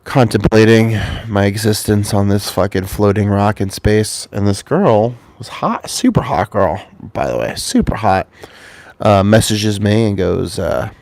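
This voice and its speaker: A man with a fairly low voice tells a meandering, swear-filled story straight to camera from his home. He is getting over a cold, and his voice sounds dry and close, with no room echo. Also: unhurried, a little mellow. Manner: rambling, profane, offhand. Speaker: vlogger.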